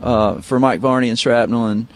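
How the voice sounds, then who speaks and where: A middle-aged man from Missouri, a guitarist guest, telling relaxed, rambling stories full of fillers in an interview. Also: medium pitch, moderate pace. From Missouri, United States. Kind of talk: casual interview storytelling. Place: radio studio.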